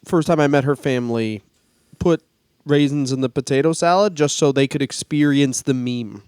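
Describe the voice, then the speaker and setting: A laid-back man spins comic stories on a podcast and swears casually. His voice is smooth and resonant. The sound is dry and close-miked. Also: mid-range voice, normal speed, darkish tone, no echo. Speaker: podcast co-host. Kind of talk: casual comedic chat.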